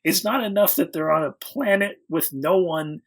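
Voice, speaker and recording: A man's voice: high voice, moderate pace, a bit bright. A man hosting a podcast in a casual movie review chat, complaining in a blunt, exasperated way. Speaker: podcast host.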